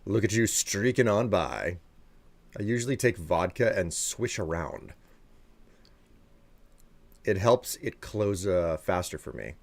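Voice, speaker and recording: A man's voice: low voice, lively intonation, takes it slowly, gravelly, pauses often, dry recording. A man chatting casually with his live-stream viewers, sleepy and rambling as he reads and answers chat.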